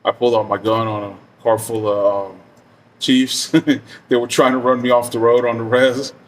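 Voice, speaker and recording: A man's voice: mid-range voice, flat delivery, normal speed, distant mic. A middle-aged man telling a story casually, rambling and profane with many fillers.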